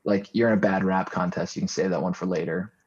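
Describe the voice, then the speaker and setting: Young man, low husky voice, casual chat, rambling deadpan jokes, dull lo-fi sound. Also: fast. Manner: rambling, jokey, deadpan tall tales.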